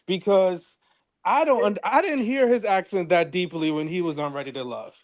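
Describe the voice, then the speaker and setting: A man's voice: high-pitched, normal speed. A man co-hosting a casual recap chat, explaining his take and laughing along the way. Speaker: podcast co-host.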